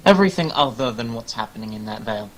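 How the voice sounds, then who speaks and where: A man's voice: mid-range voice, expressive, quick pace, slight background noise, poor audio. A man playing in a tabletop game, tossing in wry, joking asides. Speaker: player. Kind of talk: casual chat during a tabletop game.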